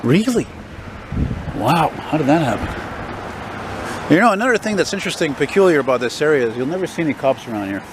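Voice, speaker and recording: A man's voice: a little high, sing-song, fast, pauses often. A man from Quebec with a French Canadian accent, talking casually and bluntly as he walks and films, swearing freely and grumbling about politicians. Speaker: vlogger. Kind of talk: casual walking vlog commentary. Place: outdoors on a city street. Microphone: handheld camera mic while walking. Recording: street noise from passing cars. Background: passing traffic and street noise.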